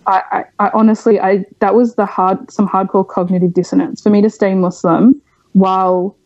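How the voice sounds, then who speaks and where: A woman's voice: mid-range voice, flat delivery, normal speed, darkish tone, no echo, dull audio. A young woman from Australia, a podcast guest, speaking frankly and at length in a candid interview, with many fillers.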